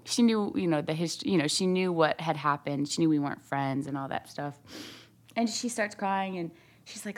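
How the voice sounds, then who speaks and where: A young woman from Ohio sharing her personal faith testimony as a guest, animated, acting out what others said, with many fillers. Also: lowish voice, moderate pace. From Ohio, USA. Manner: animated retelling, voices others' quotes, frequent fillers.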